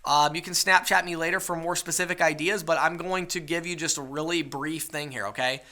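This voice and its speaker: A man's voice: a little high, fairly even intonation, fairly quick, bright, forceful tone. A man teaching a webinar sales lesson, coaching his listeners and checking in with rhetorical questions. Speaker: sales trainer.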